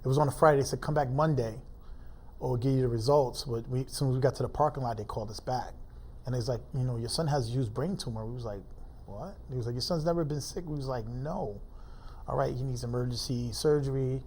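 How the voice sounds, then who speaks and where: Dark-voiced man telling a painful story. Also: medium pitch, fairly even intonation, slight background noise. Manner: informal, halting speech with many fillers. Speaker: interview guest. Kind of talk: emotional personal storytelling.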